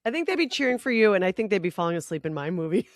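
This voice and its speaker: A woman chatting casually with friends, supportive and measured. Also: medium pitch, no room sound, studio quality. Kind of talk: casual chat among friends.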